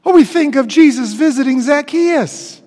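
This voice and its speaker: A man preaching a sermon as pastor in a church sanctuary, emphatic, with dramatic pauses and swings from loud declarations to hushed phrases. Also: very high-pitched, expressive. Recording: long reverb of a church hall.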